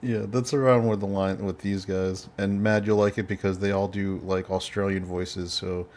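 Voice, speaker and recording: A man's voice: low voice, level tone, moderate pace, noisy background. A male podcast host in casual chat, chuckling often as he talks.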